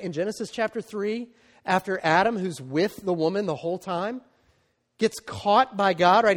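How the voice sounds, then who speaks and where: A man with a notably high voice preaches to his congregation, talking in a loose, conversational way and checking in with the room as he goes. The sound carries a long reverb, as if caught in a large church hall. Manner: conversational preaching with frequent "right?" and "okay?" asides. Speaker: pastor. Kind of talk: sermon.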